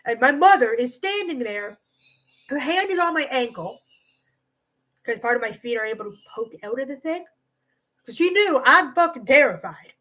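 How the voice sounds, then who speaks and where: A woman's voice: sits high, normal speed, pauses often, rough recording. A woman telling a rambling, profane storytime monologue to her camera, full of "like" and side tangents. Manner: rambling and profane, heavy use of "like"; animated, jumps between asides. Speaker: vlogger.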